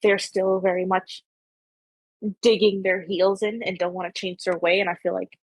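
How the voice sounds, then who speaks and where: Husky young Canadian woman chatting. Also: mid-range voice, level tone, normal speed, dry recording. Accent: Canadian, Ontario. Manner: rambling, heavy on filler "like". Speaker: podcast host. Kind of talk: casual chat.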